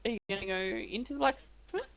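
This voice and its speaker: A woman's voice: medium pitch, brisk, low-quality recording. A woman running a tabletop game as game master, improvising with many fillers.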